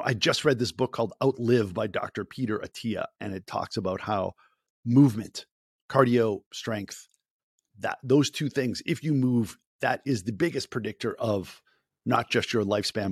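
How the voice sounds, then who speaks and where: A man's voice: lowish voice, vocal fry, breathy edge, dry recording, clean studio sound. A man hosting a podcast interview, introducing his guest with upbeat showmanship before settling into a chattier tone. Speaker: podcast host.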